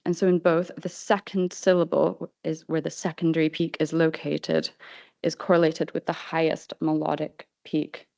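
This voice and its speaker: A woman presenting an academic conference paper in a careful, measured reading style with frequent hesitations. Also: sits low, little pitch movement, vocal fry, mellow, no room sound, muffled recording. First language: not Swedish.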